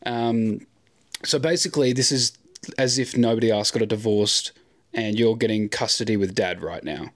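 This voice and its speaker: Sarcastic young Australian man, low voice. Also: moderate pace. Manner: rambling, sarcastic, swears casually. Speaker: podcast co-host. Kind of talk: casual podcast monologue.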